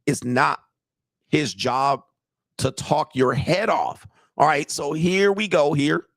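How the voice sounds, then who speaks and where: A man's voice: fairly high pitch, takes it slowly, fairly bright tone, no echo. Man, dating coach, emphatic, conversational, dry close sound. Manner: emphatic, conversational, repeats himself. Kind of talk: reaction commentary.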